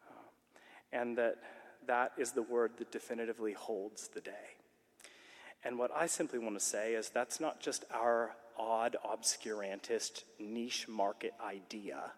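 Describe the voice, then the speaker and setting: A man's voice: medium pitch, unhurried. Earnest man preaching in a reverberant hall. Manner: earnest, animated storytelling. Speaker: conference speaker. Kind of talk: sermon-like conference talk. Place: large conference hall. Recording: long reverb of a large hall.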